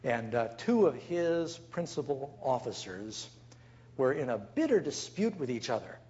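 A man's voice: medium pitch, big pitch swings, measured pace, a little mellow, dull audio. A man preaching as a pastor, telling stories and acting out the people he quotes. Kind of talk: sermon.

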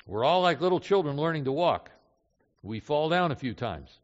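A man's voice: a little high, big pitch swings, moderate pace. A man preaching a sermon with emphatic delivery, repeating key phrases and asking rhetorical questions. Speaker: pastor. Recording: dull hall recording with long reverb.

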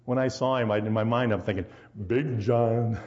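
A man from a Christian radio station telling an animated testimony story at a church service, acting out the voices he quotes. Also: fairly low pitch, quick pace. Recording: dull lo-fi recording.

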